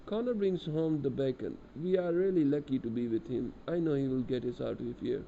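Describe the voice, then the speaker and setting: Man, gamer reading game text aloud, dark mellow tone, lo-fi sound, faint hiss. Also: mid-range voice, a little fast, vocal fry, few pauses.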